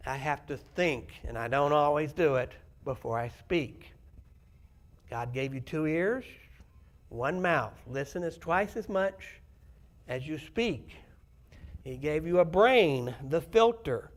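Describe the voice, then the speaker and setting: A man with a fairly high voice delivers a sermon in a church. He talks in a conversational way and often turns to the congregation with questions. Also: lively intonation, slow pace. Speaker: preacher. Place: church sanctuary.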